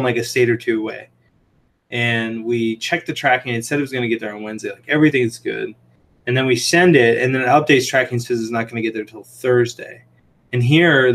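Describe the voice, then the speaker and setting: A man hosting a casual livestream from a home room lined with fish tanks, telling stories in a rambling way full of "like" and "um". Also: mid-range voice. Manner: chatty, tells anecdotes. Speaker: livestream host and aquarium shrimp seller.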